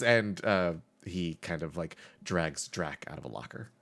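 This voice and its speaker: A man's voice: low voice, expressive, a little slow, few pauses, a bit bright. A man narrating as game master in a casual, laugh-filled way.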